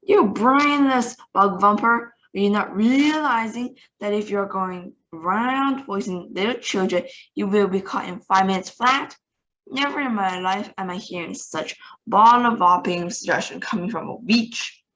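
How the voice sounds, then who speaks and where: A woman reading a storybook aloud, voicing a tiny, furious female witch leader who shouts and shrieks her orders. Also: mid-range voice, moderate pace, muffled recording, natural voice. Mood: enraged. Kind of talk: read-aloud storybook acting.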